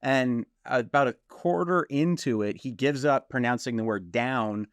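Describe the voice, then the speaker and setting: Man, podcast co-host, mid pitch, chatty and laughing, dry close sound. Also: a little slow, no room sound. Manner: chatty and tangent-prone, laughs a lot. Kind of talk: casual conversation.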